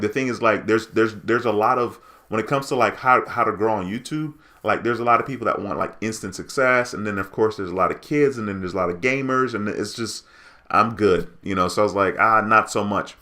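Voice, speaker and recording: A man's voice: on the low side, moderate pace, sharp tone. Upbeat man hosting a livestream. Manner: upbeat, reading viewer comments aloud. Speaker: livestream host. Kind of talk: casual livestream chat.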